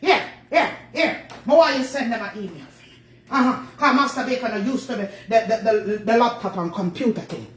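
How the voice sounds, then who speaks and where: A woman's voice: fairly high pitch, a little fast, lightly acted. Woman doing bossy patois-talking Master Baker. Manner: bossy, dramatic, fussing over a baby. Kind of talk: comedy sketch character. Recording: echoey room with faint noise.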